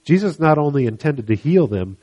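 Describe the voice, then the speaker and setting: A man preaching a sermon, retelling a Bible story in an animated way and acting out the voices of the people in it. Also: a little high, fairly quick, highs cut off. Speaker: pastor.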